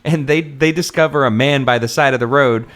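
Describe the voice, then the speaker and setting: A man's voice: medium pitch, fairly quick, a bit bright. A man co-hosting a casual book-review podcast, wry and profane, laughing often as he talks. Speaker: podcast co-host.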